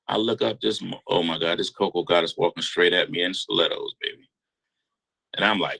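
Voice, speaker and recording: A man telling a long story in a casual interview, animated and slangy. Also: on the low side, brisk, creaky, low-quality recording. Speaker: guest storyteller.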